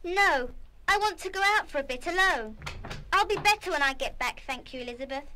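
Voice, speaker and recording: A woman voicing a shy, tender-hearted schoolgirl who gushes softly, in 1970s radio play style. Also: very high-pitched, lively intonation, moderate pace, a little hiss or hum, exaggerated voice. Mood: bewildered. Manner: breathless, gushing delight turning to quiet hurt.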